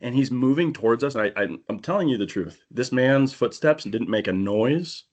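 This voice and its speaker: A man on a podcast telling a long, animated hunting-trip story in casual chat, acting out the people he quotes. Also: mid-range voice, normal speed. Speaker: podcast co-host. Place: indoor podcast studio.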